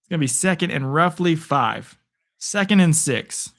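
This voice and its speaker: A man streams from home, chatting with viewers and calling a game's plays live into a phone propped on a picture frame. He's chatty and rambling, talking straight to his audience. His voice is fairly high, expressive, and fairly bright with vocal fry, at a normal pace.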